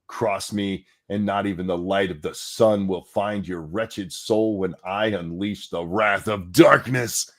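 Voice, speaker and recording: A man's voice: deep voice, measured pace, hardly any pauses, a bit bright. A man co-hosting a podcast in casual chat, sardonic and profane, with frequent sighs. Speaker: podcast co-host.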